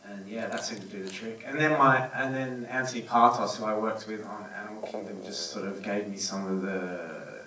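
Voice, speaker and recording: A film director answering audience questions, halting, with many fillers and restarts. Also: male voice, on the low side, sharp tone, far from the mic, slight background noise. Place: cinema auditorium. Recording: echoey cinema, voice from afar.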